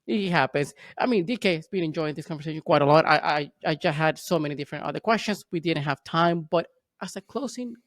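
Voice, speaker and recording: A man hosting a podcast interview, talking quickly with a slightly tumbling delivery and frequent restarts. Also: on the high side, no room sound, clean studio sound. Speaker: podcast host. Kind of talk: conversational interview.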